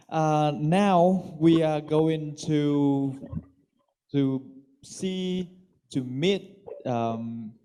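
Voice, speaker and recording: A man hosts a speech contest in a mellow, mid-pitched voice. He speaks slowly and hesitantly, filling pauses with "um." He talks in the friendly way of a master of ceremonies. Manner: slow and hesitant, with many fillers. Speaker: contest host.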